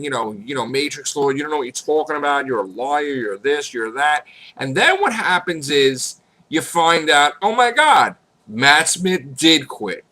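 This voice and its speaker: A man talks straight to his viewers in a casual vlog rant over morning coffee. His voice is bright and forceful but slightly hoarse. He hammers his points home emphatically and repeats himself, sometimes jumping up into high exclamations. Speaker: YouTube vlogger on fan news.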